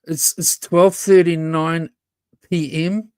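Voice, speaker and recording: A man's voice: fairly high pitch, level tone, takes it slowly, a little mellow, clear, resonant tone. A man ranting confrontationally on a casual livestream, swearing and repeating himself. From New Zealand.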